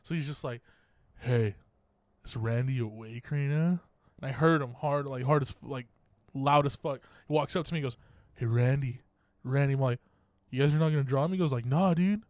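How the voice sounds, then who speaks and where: A man's voice: mid-range voice, moderate pace, pauses often, darkish tone, no room sound. A young man hosting a podcast, telling a story in casual talk, laughing often, swearing, and acting out other people's lines. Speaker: podcast co-host.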